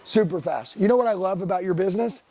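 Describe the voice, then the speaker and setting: A man's voice: sits high, quick pace, mellow. A middle-aged man giving a blunt, profane motivational sales talk, firing questions at his trainees. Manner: blunt, swearing, hammering questions at the room.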